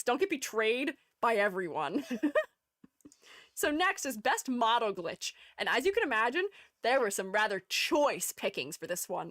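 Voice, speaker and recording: A woman's voice: fairly high pitch, a bit bright, dry recording, studio quality. A young woman streamer chatting casually, giggly and mock-dramatic. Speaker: streamer and art educator. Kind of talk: casual live-stream chat.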